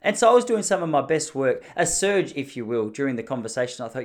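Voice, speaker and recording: A young Australian man, a podcast host, telling a comedic story in an animated, ranting, self-mocking way. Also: mid-range voice, fast talker, few pauses.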